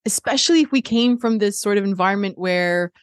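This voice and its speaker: A woman's voice: medium pitch, fairly quick, no echo, clean studio sound. A woman in her thirties hosting a casual parenting chat, thinking aloud with frequent restarts and laughs. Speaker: podcast host.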